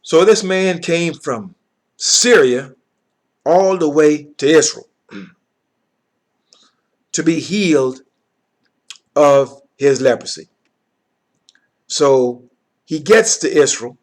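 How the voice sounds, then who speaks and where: A man's voice: a little high, lively intonation, slow pace, pauses often. A man teaching from the Bible, reading verses aloud and then explaining them in plain words, often checking in with his listeners.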